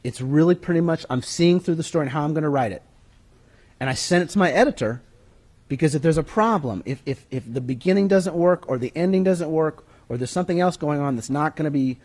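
Male workshop lecturer, slightly high voice, conversational and emphatic, drifts off-mic. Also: brisk, darkish tone. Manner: conversational teaching, emphatic, with handout references. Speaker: writing workshop speaker. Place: room with an audience. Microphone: moves away from the mic at times.

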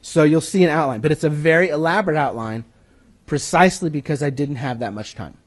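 Male workshop lecturer, slightly high voice, conversational and emphatic, drifts off-mic. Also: fairly quick. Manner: conversational teaching, emphatic, with handout references. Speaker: writing workshop speaker. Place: room with an audience. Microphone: moves away from the mic at times.

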